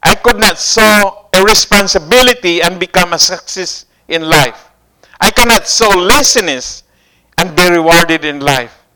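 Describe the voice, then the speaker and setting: Male preacher, high voice, unhurried, prompts the congregation with questions. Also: animated, crowd noise, poor audio. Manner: call-and-response questions to the congregation, repeating phrases. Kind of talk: sermon.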